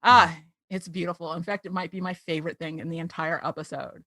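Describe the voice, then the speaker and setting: A woman with a low-leaning voice and quick pace hosts a podcast, chatting casually as she recaps a cartoon episode. She's a giggly, animated storyteller who laughs a lot. The recording is dry.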